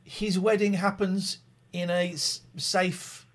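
A man's voice: high-pitched, level tone, slow. A middle-aged man hosting a radio show, teasing and joking with playful stumbling restarts. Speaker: radio host. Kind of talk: casual radio banter. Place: radio studio.

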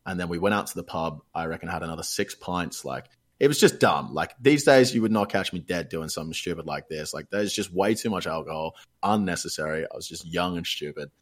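A man's voice: sits low, lively intonation, a little fast, few pauses. A young Australian man telling a long story in a casual chat, rambling and swearing freely.

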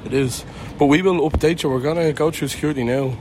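A young Irish man co-hosts a podcast, chatting about travel in a jokey, self-mocking way as he walks through a city, outdoors and in an airport. He talks fast in a fairly high voice, and there's noise in the background.

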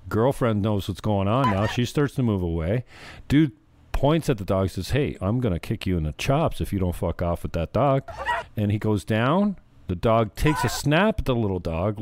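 A man's voice: on the low side, a little mellow, dry recording. A man hosting his own show, giving rambling, profane, joking commentary on viral videos. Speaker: show host.

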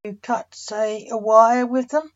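A woman's voice: on the high side, steady tone, slow pace, voice pushed up. A woman voicing a pushy male prosecuting barrister who presses the defendant with needling questions, in a storybook reading. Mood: probing. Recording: dull lo-fi recording.

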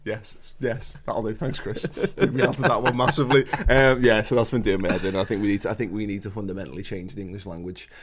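A man in his thirties holds forth in a casual podcast chat. He rants and swears freely, his voice jumping up in pitch whenever he gets worked up. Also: fairly even intonation, fast, few pauses, crowd noise. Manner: sweary ranting, swings pitch up when worked up. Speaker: podcast co-host.

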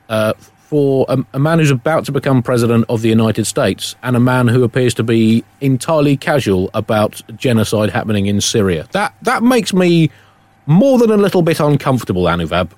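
A man's voice: medium pitch, darkish tone, no echo. Guy hosting a satire podcast, dry close mic, ums and uhs then the zinger. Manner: wry, hesitant, full of ums and uhs before punchlines. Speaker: comedy podcast host. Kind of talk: satirical comedy monologue.

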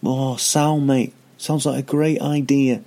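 A man's voice: medium pitch, level tone, slow, dark tone, voice pushed up. A man putting on the voice of a blunt, swaggering male rock singer who talks in short, clipped phrases and keeps calling people mate. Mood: friendly. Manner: laid-back, clipped, says mate.

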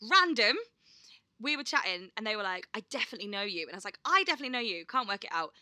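A woman's voice: mid-range voice, very animated, racing, sharp tone, dry recording, clean studio sound. A young woman, co-hosting a podcast and telling a story in a chatty way, laughing often and swearing casually. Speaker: podcast co-host. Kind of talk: casual chat.

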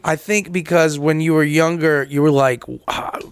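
High-voiced man telling rowdy stories. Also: steady tone, moderate pace, clear, resonant tone, no room sound. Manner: rambling, acts out quotes in shifting voices. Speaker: podcast co-host. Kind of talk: casual chat before a live audience.

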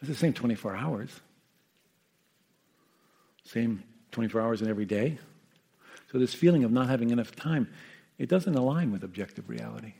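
A man, a meditation teacher who sat with the dying, gives an unhurried, reflective talk, often checking in with his listeners. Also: mid-range voice, lively intonation, gravelly, slightly rough. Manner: gentle, unhurried, often asks "Yeah?" and "you know". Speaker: meditation teacher and hospice caregiver.

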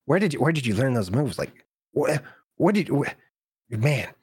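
A man's voice: mid-range voice, big pitch swings, darkish tone, breathy edge, no echo. A man voicing an eager, rambling halfling woman reporter who stammers and gushes. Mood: excited. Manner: stammering, rushed and gushing.

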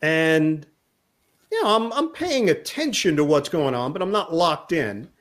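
A middle-aged man and sports broadcaster, a guest telling a lively anecdote in an interview, acting out the lines of the people in his story. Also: on the high side, a little slow. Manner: lively anecdote teller who acts out quotes.

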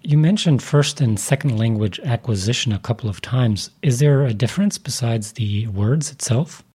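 A male podcast host speaks in a mellow, husky voice. He follows his guest's points with eager stories of his own and asks plain questions. His delivery is casual and conversational. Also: medium pitch, normal speed. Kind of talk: casual interview talk.

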